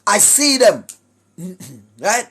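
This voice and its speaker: A Jamaican man giving a preachy monologue to his viewers, emphatic, often shouting, tagging his points with questions. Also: high voice, very animated, extremely slow, breathy edge. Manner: emphatic, often shouting, tags lines with "right?". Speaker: online commentator.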